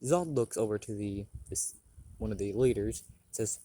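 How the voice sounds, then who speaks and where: A man improvising a fan fiction story aloud, rambling, correcting himself and clearing his throat often. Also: on the low side, normal speed, warm tone.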